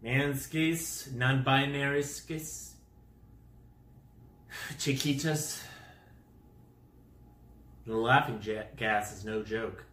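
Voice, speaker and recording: A man rambling through a goofy comic monologue full of wordplay, swinging into loud exasperation. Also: mid-range voice, extremely slow, pauses often, echoey room.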